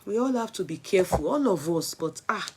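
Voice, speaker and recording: A woman's voice: on the low side, animated, a little fast, noisy background. A Nigerian woman vlogger chatting live with her viewers, exclamatory and switching between Pidgin and Yoruba. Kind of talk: live-stream chat with viewers.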